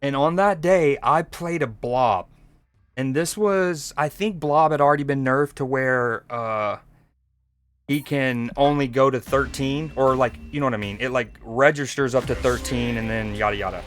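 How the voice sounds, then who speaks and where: A Georgia man with a mid-range voice speaks at normal speed on a casual live stream. Playing a card game, he stays laid-back, joking and chatting with viewers.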